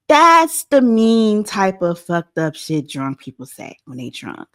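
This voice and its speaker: A woman hosting a pop-culture show, giving animated, opinionated commentary on a clip and talking straight to her viewers. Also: mid-range voice, unhurried.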